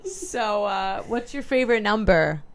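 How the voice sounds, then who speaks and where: A woman's voice: mid-range voice, animated, unhurried, vocal fry. Woman, podcast co-host, casual chat, playful, self-deprecating.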